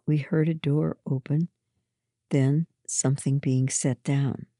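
Woman storyteller, low and husky, slow measured first-person reading, dry close mic. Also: level tone, mellow, dry recording.

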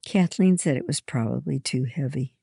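A woman with a husky voice reading a first-person story aloud in a calm, measured way. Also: rumbling low, no room sound, studio quality.

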